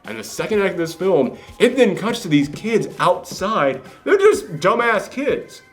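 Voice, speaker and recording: A young man hosting a casual film review chat, animated and excitable, swearing casually. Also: high voice, unhurried, faint music behind. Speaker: podcast host.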